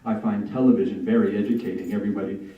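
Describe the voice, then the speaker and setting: A man's voice: fairly low pitch, fairly even intonation, fast. A man hosting a literary reading night, chatting casually with many fillers and restarts, recorded from a distance in a large room. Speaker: event host. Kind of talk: casual introductions at a reading event. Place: library reading event. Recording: echoey hall, distant lo-fi mic.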